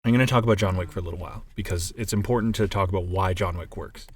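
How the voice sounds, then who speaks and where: Man, podcast co-host, low voice, animated storyteller who swears and acts out scenes. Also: racing, husky. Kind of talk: casual chat.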